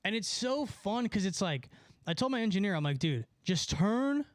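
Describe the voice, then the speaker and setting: A young man with a notably high voice chatting on a livestream, rambling and swearing with excitable energy. The sound is close and dry, with no room around it. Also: brisk, dry recording. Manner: rambling, profane, excitable, lots of filler. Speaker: musician streaming to chat. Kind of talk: casual livestream chat.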